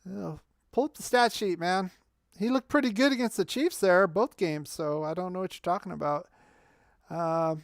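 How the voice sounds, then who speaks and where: A man's voice: sits high, normal speed, gravelly, no room sound, studio quality. A man hosting a fan livestream, answering chat commenters in a heated, argumentative way. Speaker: fan channel livestream host.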